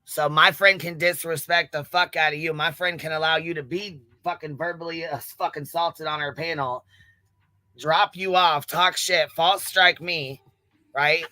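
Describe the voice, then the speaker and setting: A man with a forceful, clean, resonant voice rants in disbelief on a livestream. He swears constantly and sounds fed up. His voice sits a bit high for a man, and the sound is dry and close to the mic. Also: fairly even intonation, moderate pace, no room sound. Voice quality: swears constantly, incredulous ranting. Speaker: livestream commentator. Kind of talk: heated profane commentary.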